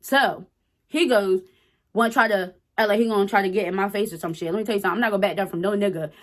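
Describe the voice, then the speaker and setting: A woman's voice: medium pitch, very fast. A woman in her twenties telling a personal story to her viewers in a blunt, profane, emphatic way. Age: 20s. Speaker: storytime vlogger. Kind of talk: casual storytelling to camera.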